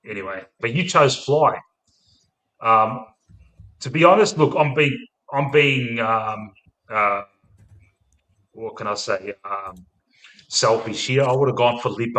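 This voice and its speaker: A man's voice: mid-range voice, bright, forceful tone. An Australian man hosting a casual live stream about football, rambling and laughing, calling people mate. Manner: rambling, laughs often, says mate a lot. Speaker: stream host. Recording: roomy echo.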